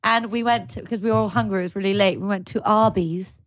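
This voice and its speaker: A woman's voice: medium pitch, fairly even intonation, fast talker. A young English woman in a casual chat, telling stories with a giggle. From England. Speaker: musician guest.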